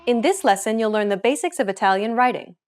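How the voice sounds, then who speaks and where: A woman's voice: on the high side, fast, faint music behind. Woman hosting a scripted language lesson. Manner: clear, even, instructive delivery.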